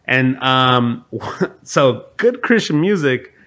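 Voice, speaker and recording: A man's voice: mid-range voice, very animated, slow, a bit bright. A man co-hosting a casual podcast, joking easily and laughing as he talks about leading worship. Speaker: podcast co-host and worship leader.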